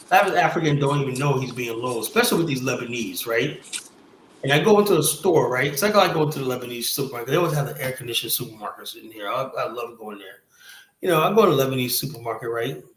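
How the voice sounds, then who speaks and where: A man's voice: mid-range voice, fairly bright tone, slight background noise. Man, blunt, profane, rambling, stream host, roomy echo. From United States. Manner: blunt, profane, rambling with constant "you know". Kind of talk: casual stream talk. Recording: roomy echoey sound.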